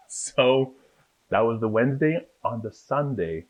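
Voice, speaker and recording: A man telling lively stories about his acting career in a casual interview, acting out the people in them. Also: medium pitch, slow pace. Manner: animated storyteller, acts out voices in his anecdotes. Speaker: guest, actor. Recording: dull lo-fi sound.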